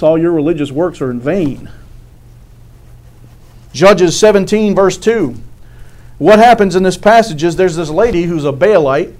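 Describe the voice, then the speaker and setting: A man's voice: sits high, darkish tone. A middle-aged man preaching a sermon in a folksy way, often asking "amen?" and laughing at his own stories. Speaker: pastor.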